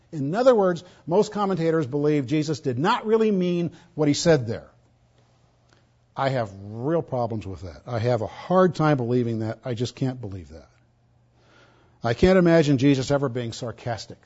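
Guy preaching a sermon, kinda high voice, punches words then goes soft, dull muffled recording. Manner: emphatic, swinging between loud stresses and quiet asides. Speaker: pastor. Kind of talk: expository sermon.

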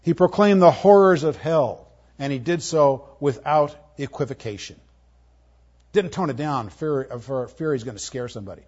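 A man preaching a sermon, moving between emphatic, forceful lines and soft, tender ones. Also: fairly high pitch, normal speed. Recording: muffled, lo-fi audio.

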